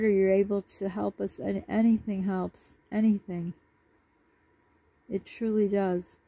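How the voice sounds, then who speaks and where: Gravelly, husky woman vlogger. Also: mid-range voice, mellow, no room sound. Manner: rambling, apologetic. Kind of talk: casual chat to camera. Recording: dull lo-fi dry recording.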